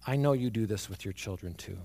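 A man preaching a sermon, moving from hushed, near-whispered lines to emphatic ones as he tells stories about his young son. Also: on the low side, fast talker, gravelly. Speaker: pastor.

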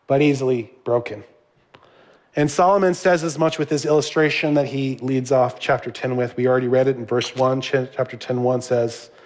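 A middle-aged man giving a sermon as a pastor, conversational, with asides to the congregation. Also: on the high side.

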